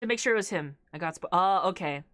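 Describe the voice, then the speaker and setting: A woman's voice: lowish voice, expressive, fast talker, fairly bright tone, no echo, clean studio sound. A young woman streaming a game, chatting casually with viewers, laughing often between filler-heavy remarks. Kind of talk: casual live-stream chat while gaming.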